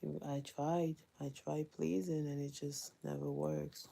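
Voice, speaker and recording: Mom vlogger rambling candid while cleaning, low gravelly voice, dark and kinda husky. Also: female voice, little pitch movement, a little slow. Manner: candid, chatty, laughs often. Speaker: mother vlogger. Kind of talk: casual chat while doing chores.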